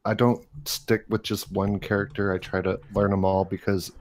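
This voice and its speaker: A man chatting eagerly about games, stumbling over words, his voice going hoarse. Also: lowish voice, little pitch movement, normal speed, a little mellow. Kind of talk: casual gaming chat.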